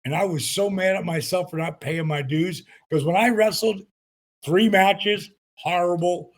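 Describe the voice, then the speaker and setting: Male guest, sixties, lively storyteller, gravelly and raspy. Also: high-pitched, a little slow. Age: 60s. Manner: animated anecdotes, acts out quotes. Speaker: guest, retired pro wrestler. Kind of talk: storytelling interview.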